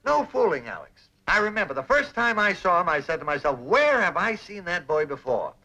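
A middle-aged bachelor who loves to needle his friend. His voice is bright and springy, rising and falling with mock sincerity, in 1950s sitcom fashion. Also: sits high, sing-song, a little fast, heavily acted, rough recording. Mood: teasing. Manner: teasing, playful.

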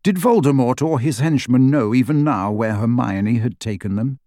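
Brief: male audiobook narrator, measured and even, dry studio sound. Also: mid-range voice, no room sound. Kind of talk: scripted narration.

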